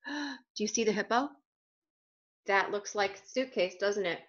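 A woman's voice: medium pitch, unhurried. Children's book reader, woman, playful asides to kids; muffled recording. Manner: playful, questions to young listeners. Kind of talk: reading a picture book aloud with asides to children.

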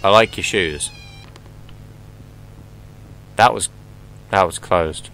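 Slow and low-pitched with a slightly bright tone, a young man talks loosely over his horror game playthrough. He cracks jokes, curses, and yelps when frightened. There's a bit of background noise in the low-quality recording.

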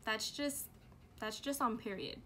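A young woman chats through a casual product review vlog at home, giggly and full of slang. Her voice sits a little high and she takes her time. A faint hiss of room noise sits under her voice. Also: measured pace, sharp tone. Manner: bubbly, chatty, giggly, lots of fillers and slang. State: out of breath from heat. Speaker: beauty and lifestyle vlogger.

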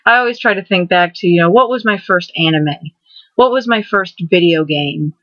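A woman's voice: on the low side, normal speed, dry recording. Rambling young woman vlogger, lo-fi. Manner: rambling, repeats and restarts words, excitable. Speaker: vlogger host. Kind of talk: casual vlog monologue. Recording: dull lo-fi dry recording.

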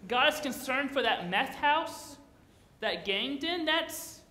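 Bright-voiced male pastor preaching. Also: very high voice, expressive, slow, roomy sound. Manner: conversational, playful, asks the congregation questions. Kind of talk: sermon.

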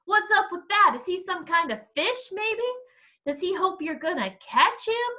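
A woman's voice: very high voice, lively intonation, measured pace, pushed and bright, pitched above the performer's own voice, full character voice. A woman reading aloud, voicing a mocking teenage boy bully in a storybook. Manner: mocking, jeering.

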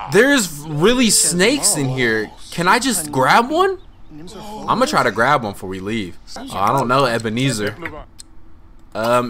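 Lively, bright-voiced young male gamer. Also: on the high side. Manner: laid-back slangy talk, often says "man", excitable outbursts. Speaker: gaming channel host. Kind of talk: casual gameplay commentary.

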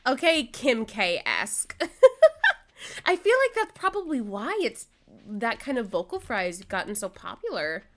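A young adult woman streaming a farming game, chatting casually and giggling often as she plays. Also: unhurried. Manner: chatty, giggly, lively pitch swings. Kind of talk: casual gameplay chat. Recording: faint game music behind.

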